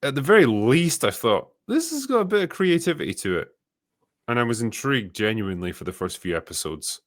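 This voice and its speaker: A man's voice: mid-range voice, big pitch swings, a little fast, no echo, studio quality. A man with a mild Scottish accent hosting a casual chat, reading out viewer questions and answering bluntly, swearing now and then. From Scotland. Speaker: show host reading superchats.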